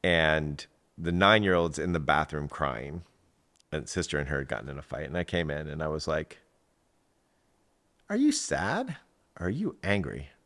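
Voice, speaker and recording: A middle-aged man, an executive coach and guest, telling stories in a lively, animated way and acting out other people's voices. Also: moderate pace. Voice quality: gravelly. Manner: animated, acts out voices in anecdotes with big pitch jumps. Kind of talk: conversational storytelling.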